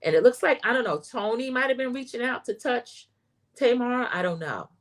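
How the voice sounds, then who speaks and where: A woman's voice: a little high, animated, moderate pace. A woman hosting a casual livestream that recaps a reality show, talking straight to her viewers as y'all and reading their chat comments aloud.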